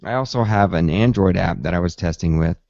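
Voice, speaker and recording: A man hosting a casual tech podcast who tells his story in a lively way and acts out his own reactions. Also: sits low, a little fast, vocal fry, dry recording. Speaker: podcast host. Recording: dull, slightly lo-fi dry sound.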